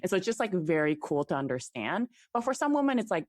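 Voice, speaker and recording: A woman's voice: lowish voice, big pitch swings, quick pace, a little mellow, dry recording, studio quality. A young woman speaking as a guest on a casual podcast, talking chattily with many "like" fillers and plenty of enthusiasm. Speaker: guest, fertility app CEO.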